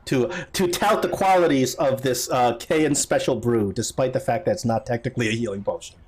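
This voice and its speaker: A man's voice: mid-range voice, fairly quick, darkish tone, breathy edge. A man running a tabletop game as dungeon master, narrating hesitantly with many fillers and laughs.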